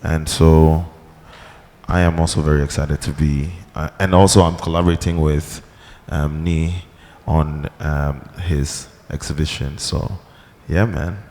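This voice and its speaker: A man's voice: extremely low pitch, fairly even intonation, unhurried, darkish tone. A man with a Ghanaian accent introducing himself on a panel in a large hall, laid-back and hesitant, with many fillers. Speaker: panelist, gallery creative director. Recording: long hall reverb.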